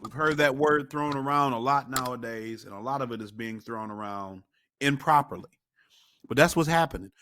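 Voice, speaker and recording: A man's voice: medium pitch, fairly bright tone, a little hiss or hum. A man co-hosting a political podcast, reading news items aloud and adding wry comments. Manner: measured, wry, reads then comments. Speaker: podcast co-host.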